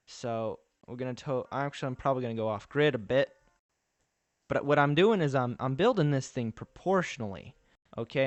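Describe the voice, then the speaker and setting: A man's voice: medium pitch, smooth, no echo. A man chatting casually on a live stream while he builds, thinking aloud with restarts and answering his viewers' messages.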